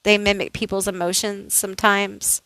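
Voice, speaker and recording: A woman's voice: mid-range voice, little pitch movement, moderate pace, sharp tone, no room sound, rough recording. A woman doing a casual tarot card reading, thinking aloud in a chatty way with many fillers. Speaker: tarot reader.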